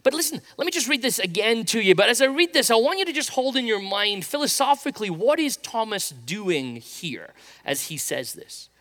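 Male preacher, middle-aged, high lively voice, bright tone, storytelling sermon. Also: normal speed. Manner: storytelling, animated, acts out quotes. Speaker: pastor.

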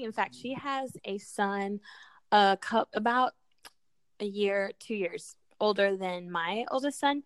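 A woman co-hosting a casual chat, telling animated parenting stories, acting out quotes and laughing often. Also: medium pitch, no echo.

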